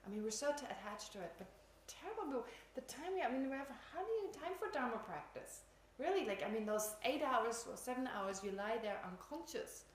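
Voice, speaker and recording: A woman's voice: a little high, animated, fairly quick, a little hiss or hum. A woman teaching Buddhism in an informal dharma talk, chatty, laughing often and poking fun at herself. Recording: echoey room, faint ambience.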